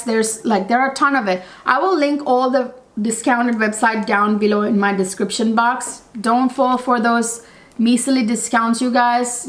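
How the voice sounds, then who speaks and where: A woman talks through her perfume collection in a casual vlog, chatty and gushing. Her voice sits a little high, and she keeps turning to address her viewers. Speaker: fragrance reviewer.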